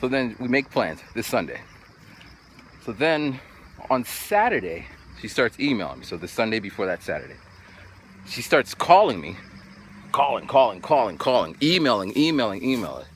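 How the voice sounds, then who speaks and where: A man's voice: medium pitch, normal speed, a little hiss or hum. A man in his forties tells a story to the camera in a casual way. He acts out what people said and keeps going back to "so then.". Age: 40s. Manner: animated anecdote telling, acts out quotes, repeats "so then". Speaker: vlogger.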